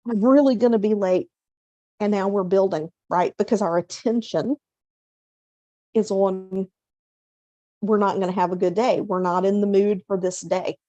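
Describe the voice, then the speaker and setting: Woman host, middle-aged, warm mellow tone, dry close mic; chatty motivational coach who voices inner self-talk. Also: mid-range voice, fairly even intonation, no echo, muffled recording. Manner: conversational, acts out inner self-talk in quotes; slows down to stress key points. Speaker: hypnotherapist and coach, show host.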